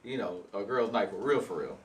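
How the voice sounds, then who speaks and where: A playful co-host cheers the tasting on with quick hype lines. The pitch swings widely. The voice is distant, with faint room noise behind. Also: animated. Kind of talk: casual tasting chat.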